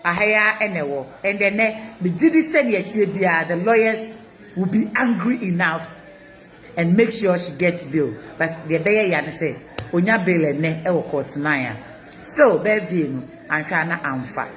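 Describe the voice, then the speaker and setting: A Ghanaian woman hosting a live stream, mixing Twi and English, reading viewer comments in an animated, chanting way. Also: fairly low pitch, a little slow. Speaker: host of an online news channel.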